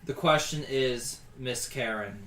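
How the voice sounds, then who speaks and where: A man's voice: slow pace, echoey room, recorded from a distance. A man running a tabletop game as game master, narrating and voicing characters with frequent laughter. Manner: laughs often, voices NPCs in lower, quieter tones.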